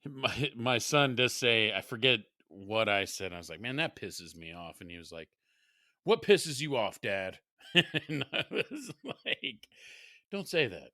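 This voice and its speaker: A man's voice: lowish voice, lively intonation, unhurried, sharp tone, dry recording, clean studio sound. A middle-aged man and father co-hosting a casual podcast, laughing often and swearing freely. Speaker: podcast co-host. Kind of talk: casual chat.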